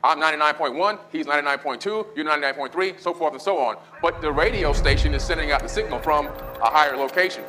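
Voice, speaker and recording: A man's voice: on the high side, quick pace, hardly any pauses, music in the background, poor audio. A man in a casual podcast conversation, explaining his views in a thoughtful, storytelling way. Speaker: podcast guest.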